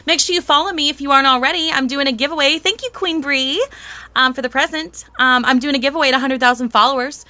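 An excitable, bubbly woman hosting a casual live stream from home, chatting to viewers and thanking them by name. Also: high-pitched, dry recording. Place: at home with a dog.

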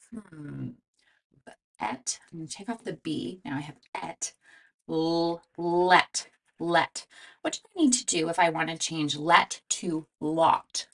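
A woman teaching a phonics lesson to young children, sounding out letters and words slowly and asking prompting questions in a sing-song way. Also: low voice, sing-song. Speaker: reading teacher.

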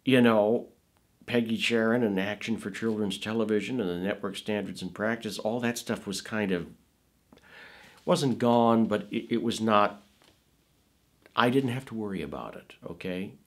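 A man's voice: fairly low pitch, normal speed. A middle-aged man, a film producer and voice actor, telling stories about his career in an interview, rambling with many asides and restarts. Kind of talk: conversational interview storytelling.

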